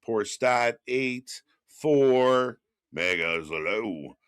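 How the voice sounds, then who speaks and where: Lively, swearing Canadian-born man. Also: mid-range voice, smooth, dry recording, studio quality. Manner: animated, swearing, quick to laugh. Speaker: co-host. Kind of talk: casual live reaction chat.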